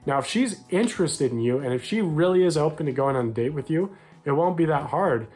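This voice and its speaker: A young American man delivers direct-to-camera dating advice for men, upbeat and blunt, acting out quick quoted lines. His pitch is fairly high, with lively intonation, a fairly quick pace, and a darkish tone.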